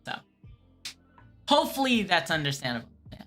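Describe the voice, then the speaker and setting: A woman's voice: on the low side, very animated, a little fast, bright, forceful tone, faint music behind. A woman streamer casually rambling through chat questions in a laid-back way, a voice she calls whiny. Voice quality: calls her own voice whiny.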